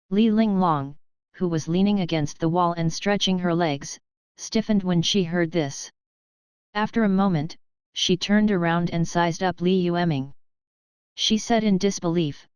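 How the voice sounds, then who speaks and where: A woman narrating a novel audiobook in a steady, even reading on a close mic. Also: lowish voice, moderate pace, clear, resonant tone, dry recording. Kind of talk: scripted narration.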